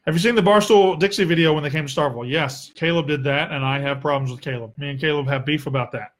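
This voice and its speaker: Young Southern man, a fairly high voice, blunt and sarcastic, casual Q&A host who swears freely. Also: fast talker, a bit bright. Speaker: sports podcast host. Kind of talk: casual solo Q&A.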